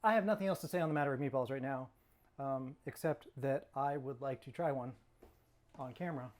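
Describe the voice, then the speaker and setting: A man's voice: mid-range voice, fairly quick, a little mellow. A middle-aged man from California, hosting his own cooking channel in a chatty, rambling way with self-mocking jokes, sometimes talking while he eats. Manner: talks while eating. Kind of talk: casual cooking vlog.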